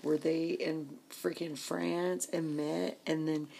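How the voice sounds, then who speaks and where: A woman with a low, gravelly voice vents in an exasperated, complaining casual vlog. She talks slowly and often drops to a hushed whisper. A faint hiss of noise sits under the recording. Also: little pitch movement. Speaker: vlogger.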